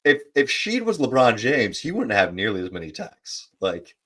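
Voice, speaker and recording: A man's voice: mid-range voice, huge pitch swings, normal speed, a bit bright. A man co-hosting a podcast, chatting casually about sports and telling stories with joking asides. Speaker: podcast co-host. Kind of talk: casual sports debate chat.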